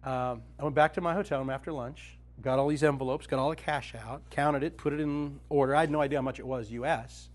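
A man's voice: mid-range voice, fairly even intonation, fast, few pauses. A male Christian speaker and author telling a personal faith story to a group, acting out the dialogue with self-mocking humor.

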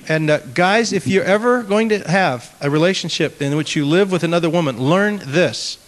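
Male pastor, slightly high voice, earnest and self-mocking, long hall reverb. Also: normal speed. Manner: earnest, animated storytelling with self-mocking humor. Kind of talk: conversational teaching talk to a group.

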